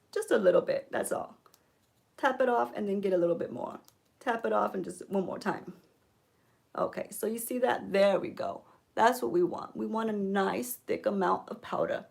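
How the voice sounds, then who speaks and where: A woman giving a mock makeup tutorial, coaxing viewers with deadpan ironic influencer patter and frequent "okay?"s. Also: medium pitch, vocal fry. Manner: coaxing, keeps repeating "okay?". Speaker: beauty vlogger.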